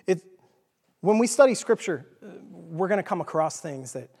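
High-voiced Texan preacher in a reverberant hall. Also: male voice, expressive, moderate pace, creaky, darkish tone, slightly rough. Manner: informal, jokey, checks in with "okay?". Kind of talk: conversational sermon teaching. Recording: long reverb of a large hall.

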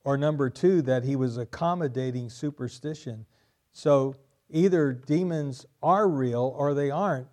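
Male pastor, mellow low-key tone, emphatic sermon delivery, repeats lines for stress. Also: a little slow.

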